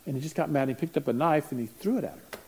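A man with a mellow, warm voice teaching parents. He tells a long story in a chatty way and acts out the voices of the people in it. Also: a little high, expressive, fast talker, slight background noise, poor audio. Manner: anecdotal, acts out voices while telling stories. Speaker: parenting seminar speaker. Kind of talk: conversational teaching talk.

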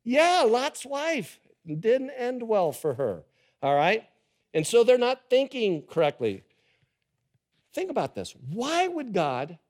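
A pastor preaching a sermon to a live congregation, animated and quizzing the audience. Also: male voice, high-pitched. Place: church service with a live audience.

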